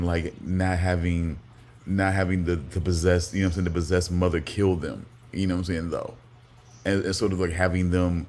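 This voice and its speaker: Deep-voiced man, rambling casual chat. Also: darkish tone, slight background noise. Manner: rambling, keeps saying "you know what I'm saying". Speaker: podcast co-host.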